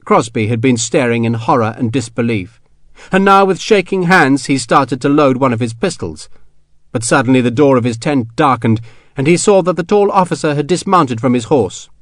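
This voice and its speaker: In a clean studio recording with no room sound, a man reads scripted audiobook narration. He has a medium pitch and tells the story in a steady, measured way.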